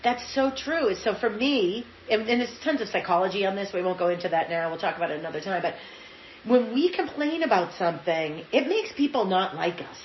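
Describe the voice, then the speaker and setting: A woman's voice: medium pitch, lively intonation, brisk, a little hiss or hum. A middle-aged woman from Massachusetts, an interview guest telling motivational stories emphatically and acting out the voices of people she quotes. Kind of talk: motivational storytelling in conversation. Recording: echoey room, slightly dull sound, faint ambience.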